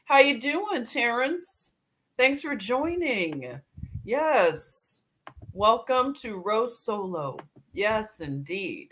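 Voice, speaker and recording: A woman's voice: fairly high pitch, sing-song, very slow, fairly bright tone, a little hiss or hum. A woman hosting a casual livestream, greeting viewers by name and laughing often as she chats. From Philadelphia. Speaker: livestream host.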